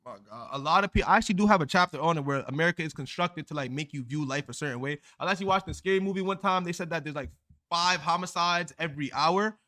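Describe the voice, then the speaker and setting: A man's voice: fairly high pitch, quick pace, sharp tone. A young man arguing heatedly and insistently, repeating himself to defend his reputation. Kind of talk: heated argument.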